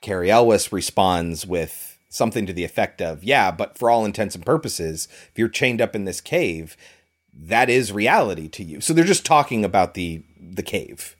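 A man co-hosting a casual film discussion, talking in a relaxed, loose way with plenty of fillers. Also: on the low side, normal speed. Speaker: podcast co-host.

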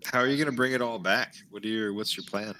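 A man's voice: on the low side, fast, pushed and bright, a little hiss or hum. A man co-hosting a casual podcast, joking around and teasing the others. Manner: playful, teasing. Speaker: podcast co-host. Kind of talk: casual chat.

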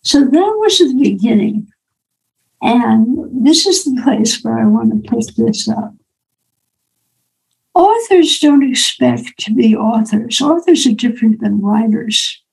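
Older woman, author telling her own story, a bit high, gravelly edge, acts out dialogue. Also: lively intonation, slow, a little mellow, low-quality recording. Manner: personal, anecdotal, acts out quoted dialogue. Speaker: author and speaker. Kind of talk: storytelling talk.

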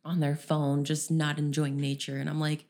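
A woman's voice: deep voice, flat delivery, normal speed, a little mellow. A young woman co-hosting a podcast, telling a rambling story in casual chat, with many "um"s and "you know"s. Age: young adult. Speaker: podcast co-host.

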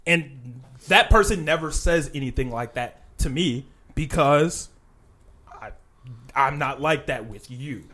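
A man's voice: mid-range voice, slow, bright, forceful tone. A man in casual podcast chat, swearing freely and acting out quoted voices.

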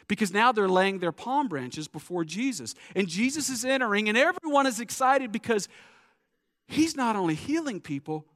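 A man preaching a sermon as pastor, animated, acting out the crowd's voices and dropping low at the ends of phrases. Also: big-room sound.

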